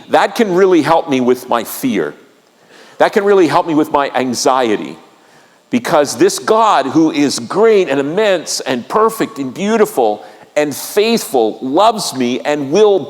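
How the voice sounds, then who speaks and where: A man preaching a sermon as pastor, earnest and repetitive, asking the congregation questions and stressing key lines. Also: fairly high pitch. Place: church sanctuary. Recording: church hall reverb.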